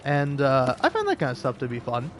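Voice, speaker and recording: A man's voice: medium pitch, huge pitch swings, a little fast, slight background noise. A young man streaming a video game, rambling casually with lots of swearing and filler words. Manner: rambling, profane, laughing asides. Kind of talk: casual gameplay commentary.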